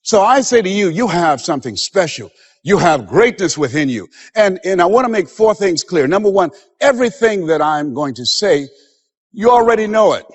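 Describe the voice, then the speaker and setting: A man's voice: high-pitched, sing-song, normal speed, long reverb tail, dull audio. A man giving a motivational seminar speech, with emphatic, preacher-like delivery that acts out the voices of others. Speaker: motivational speaker.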